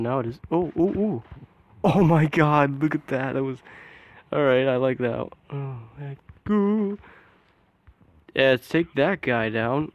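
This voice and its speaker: This man's voice sits at a medium pitch with vocal fry as he narrates his own gameplay in a casual, excitable way. He exclaims and groans often, occasionally dropping to a soft mutter.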